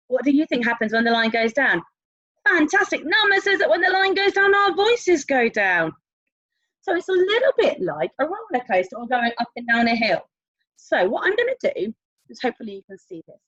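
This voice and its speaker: A woman teaching an online music lesson to young children, encouraging them with animated, sing-song questions. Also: a little high, dry recording, lo-fi sound. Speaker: primary school teacher.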